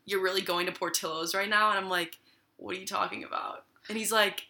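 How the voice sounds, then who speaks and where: A young woman tells a story in easy, casual talk. She acts out each person's lines and fills her talk with "like." Her voice is very bright and clear. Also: mid-range voice, fairly quick. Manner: lively storyteller, acts out quotes with many "like"s.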